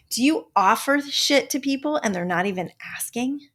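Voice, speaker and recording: A woman's voice: high-pitched, animated, takes it slowly, fairly bright tone. An older woman hosting a motivational self-help talk show, emphatic and blunt, swearing casually and now and then slipping into a joking Southern drawl. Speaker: podcast host.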